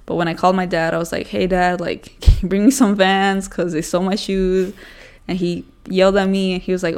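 Speaking fairly quickly in a fairly low, clean, slightly mellow voice that barely changes pitch, a young woman co-hosts a laid-back podcast. She curses heavily and drops "like" all the time.

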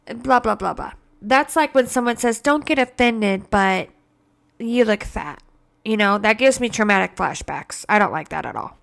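A woman's voice: mid-range voice, vocal fry, fairly bright tone. A woman hosting a casual solo podcast, profane and sarcastic, drawing out mocking quotes. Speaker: podcast host.

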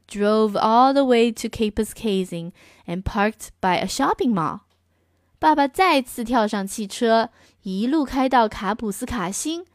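A woman reading a picture book aloud in two languages as a storyteller, clear, gentle and expressive. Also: fairly high pitch, no room sound, studio quality.

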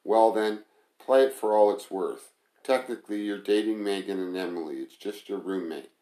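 A man's voice: on the low side, normal speed, dark tone, close to an everyday voice. A man voicing a blunt, scornful male restaurant manager who mocks and lectures his friend. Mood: dismissive. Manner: mocking, bossy, insulting. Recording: roomy echo.

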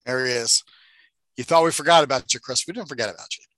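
A man's voice: mid-range voice, quick pace, fairly bright tone, no room sound. A man co-hosting a casual movie-review podcast, swearing freely and mocking the film with sarcasm. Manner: profane, sarcastic, acts out movie lines. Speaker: podcast co-host.

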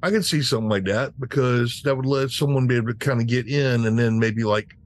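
A man's voice: medium pitch, a little fast, slight background noise. A man playing a tabletop game, rambling with lots of fillers. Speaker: player.

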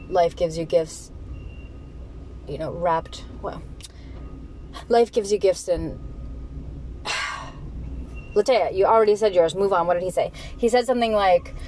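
Casual talker, a woman who rambles with animated asides, faint road noise behind. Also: poor audio. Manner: animated, acts out whiny voices in high pitch, swears freely.

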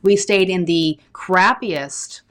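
A woman's voice: fairly low pitch, takes it slowly. A woman from British Columbia, a guest actor chatting in an interview, talking freely with fillers and frequent laughs. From British Columbia, Canada. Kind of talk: casual interview chat.

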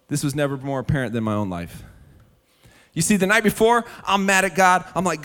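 A male preacher and musician delivering a sermon, telling stories animatedly to the congregation and then dropping to a hushed, earnest tone. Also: sits high, quick pace. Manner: animated storytelling with sudden drops to a hushed, earnest tone; direct address to the congregation.

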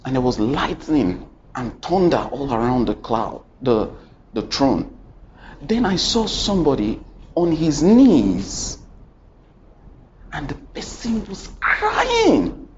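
A man preaches a sermon, his voice leaping up and down in pitch as he tells a story. He keeps turning to the congregation with questions and repeated lines. The recording is dull and lo-fi, with faint ambience underneath. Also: huge pitch swings, slow, noisy background. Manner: dramatic storytelling with sudden swings in pitch and loudness; addresses the congregation directly with questions and repetition.

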